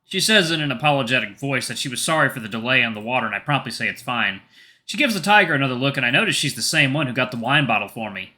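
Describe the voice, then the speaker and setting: Man reading a story, sharp bright voice. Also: medium pitch, animated, fast. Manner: plain reading with small slips and restarts. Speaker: narrator reading a visual novel. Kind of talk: first-person story reading.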